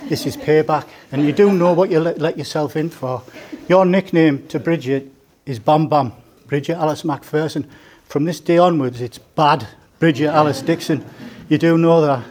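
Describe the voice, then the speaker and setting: A man's voice: fairly high pitch, normal speed, a little mellow. A man, giving a joking, story-filled father of the bride speech at a wedding reception. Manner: joking, storytelling, teasing the groom. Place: indoor wedding reception room.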